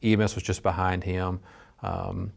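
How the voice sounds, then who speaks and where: A man's voice: low voice, flat delivery, moderate pace, vocal fry. A middle-aged man giving a training lecture as a dispatch instructor, earnest and conversational with frequent restarts. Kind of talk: training lecture with personal story.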